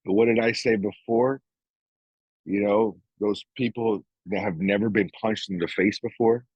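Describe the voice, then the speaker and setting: A man's voice: lowish voice, steady tone, moderate pace, darkish tone, breathy edge, no echo, poor audio. A middle-aged man co-hosting a podcast, telling a story casually with swearing and acted-out quotes. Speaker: podcast co-host. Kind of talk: casual chat.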